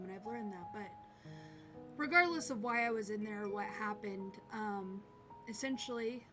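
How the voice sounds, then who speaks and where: A woman streamer telling a personal story to camera in a halting, hesitant way, often pausing and restarting. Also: fairly high pitch. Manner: halting, hesitant, with many pauses and fillers. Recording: clear instrumental music in background.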